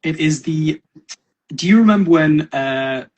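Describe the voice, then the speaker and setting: A man from North East England talks as a guest on a casual podcast. His voice is slightly higher than most men's and husky. He rambles loosely, with plenty of ums and false starts. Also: a little slow. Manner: rambling, many ums and restarts. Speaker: podcast guest, miniature painter.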